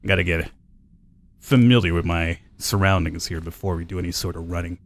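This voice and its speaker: Low-voiced man doing casual game commentary. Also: fairly quick, slight background noise. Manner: casual, chatty, thinks aloud, reads game notes aloud. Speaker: gameplay commentator. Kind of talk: let's play commentary.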